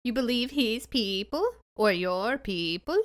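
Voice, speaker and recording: A woman playing a tabletop game, talking persuasively and quickly in character. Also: a little high, expressive, fairly bright tone, dry recording. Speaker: player. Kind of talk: tabletop role-play.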